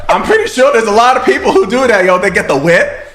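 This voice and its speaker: A man's voice: sits high, big pitch swings, fast talker, a bit bright. A man co-hosting a reaction video, joking and laughing in casual chat. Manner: joking, laughing, loose and playful. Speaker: reaction channel co-host. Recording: noisy background.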